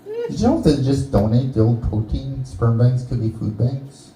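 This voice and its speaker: Crude stand-up comic, mellow voice. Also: male voice, medium pitch, huge pitch swings, moderate pace, roomy sound, poor audio. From Canada. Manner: crude, teasing banter with the audience. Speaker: stand-up comedian. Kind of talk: stand-up set with crowd work. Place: small bar stage, live audience.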